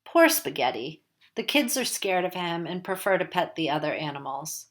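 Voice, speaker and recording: A woman's voice: lowish voice, expressive, moderate pace, fairly bright tone. A woman reading a first-person novel aloud in a casual, wry, conversational way. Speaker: audiobook narrator.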